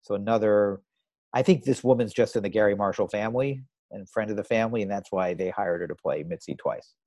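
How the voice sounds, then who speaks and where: A man's voice: on the low side, a little fast, a little mellow, no echo. A man co-hosting a podcast, casually retelling TV scenes and quoting lines. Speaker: podcast co-host. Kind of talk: casual recap chat.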